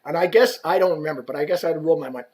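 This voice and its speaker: On a podcast, a male guest who used to work as an equipment rep tells a casual story at a rapid-fire clip in a slightly high voice. He's animated and curses freely, playing out each line of dialogue.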